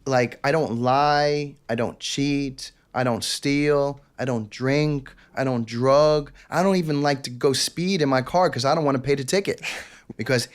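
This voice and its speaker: A man appears as a guest on an interview podcast, telling a personal story in a candid, intense, confessional way. Using his middle-pitched voice, he slips into the quoted voices of people in the story. His pace is measured and his tone clean.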